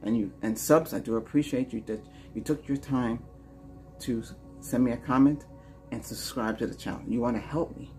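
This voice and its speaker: Guy doing a reiki healing vid, soft slow repeating chant then rambly chat, faint music under it. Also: mid-range voice. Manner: slow, soft repetitive chanting that turns to loose, rambling talk. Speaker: Reiki healer and channel host.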